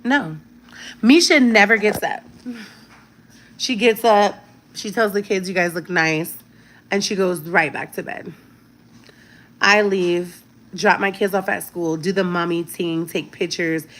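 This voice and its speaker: A woman's voice: medium pitch, fairly even intonation, measured pace, long pauses, a bit bright. A woman in her thirties talking casually to her viewers, telling a personal story with emphatic repetition and frequent "right?" check-ins. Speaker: vlogger.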